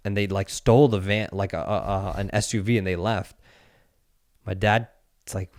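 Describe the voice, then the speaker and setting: Man, 30s, casual podcast storyteller, low pitch, smooth clear tone, animated. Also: moderate pace, no echo, studio quality. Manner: animated storyteller, acts out quoted voices.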